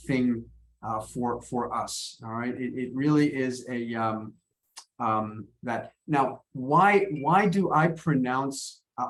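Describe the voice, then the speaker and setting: A man teaching an online pronunciation lesson over a video call, friendly and often repeating and restarting his words. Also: mid-range voice.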